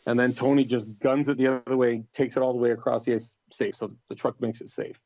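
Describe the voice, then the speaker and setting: Gravelly man telling a wild road story. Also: medium pitch, brisk, dry recording, highs cut off. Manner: animated, acts out voices in quotes. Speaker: podcast guest. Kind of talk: casual storytelling.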